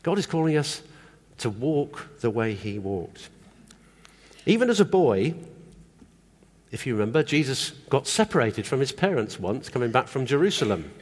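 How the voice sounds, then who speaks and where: A man preaching to a congregation in a chatty, questioning way, his pitch moving up and down a lot. His voice carries a long reverb from the church hall around him. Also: very animated, moderate pace, husky. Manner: conversational, asks the congregation questions. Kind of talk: sermon.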